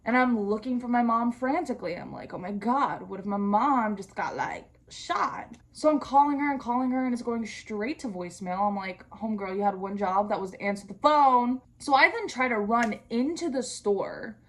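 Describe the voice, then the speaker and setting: A woman's voice: on the high side, normal speed, few pauses. A young adult woman vlogging, chatting casually through a storytime while she does her skincare, slangy and profane with comic asides.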